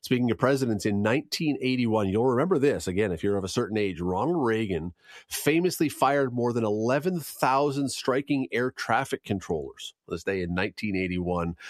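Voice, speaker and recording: A man's voice: fairly low pitch, dry recording, clean studio sound. A man hosting a radio show, reading news, gas prices and the day in history in a chatty way with jokes on the side. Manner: lively, chatty, jokes aside. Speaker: radio host. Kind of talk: morning radio news and chat.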